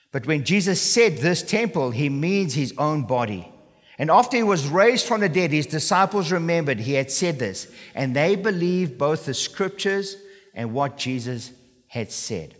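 A man's voice: a little high, animated, unhurried. A man preaching a sermon as a pastor, earnest and emphatic, often checking in with his listeners. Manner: earnest, emphatic, asks for assent with "okay?". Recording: long reverb in a large hall.

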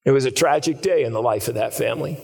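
A man preaching a sermon, telling a story dramatically and swinging between hushed and raised passages. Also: medium pitch, fast talker, vocal fry, husky, long reverb tail.

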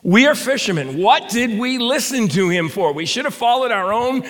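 A man's voice: extremely high pitch, expressive, normal speed, a bit bright, voice pushed up. A man voicing frustrated fishermen disciples who second-guess their teacher, said with a complaining tone in a reverberant hall. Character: grumbling fishermen disciples in a storm, adult men.

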